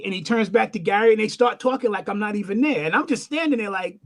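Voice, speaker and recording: A middle-aged man, a guest musician, telling an animated, profane story in casual chat. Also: high voice, quick pace, few pauses. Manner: animated, profane, acts out the voices in his stories.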